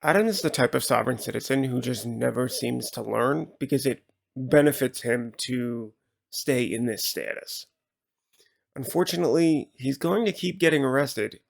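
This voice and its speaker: Gravelly male channel host. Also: mid-range voice. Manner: casual, plain-spoken wrap-up. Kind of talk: commentary narration.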